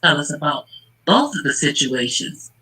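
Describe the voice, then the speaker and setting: A channel host offers casual true-crime commentary in a fairly high, sing-song voice that is bright, forceful and slightly rough, at a normal speed. He is worked up and emphatic, calling out the people in the case directly. The recording is rough.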